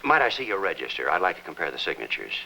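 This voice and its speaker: An actor playing a middle-aged hospital chaplain in a 1950s television drama, asking calm, earnest questions. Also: male voice, low voice, racing, vocal fry, slight background noise, heavily acted, poor audio.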